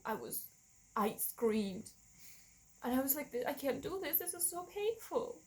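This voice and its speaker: A woman's voice: high-pitched, lively intonation, unhurried, rough recording. A woman frankly telling a personal story on her vlog, emotional and open, often restarting her sentences and acting out what others said to her. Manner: emotional and frank, with many restarts and self-corrections; acts out other people in quoted asides. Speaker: vlogger sharing a personal story.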